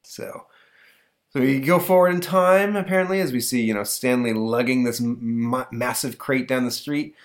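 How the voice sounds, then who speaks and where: A man's voice: mid-range voice, normal speed. A man hosting a podcast, retelling a comic strip in rambling casual chat with fillers and chuckles. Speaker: podcast host.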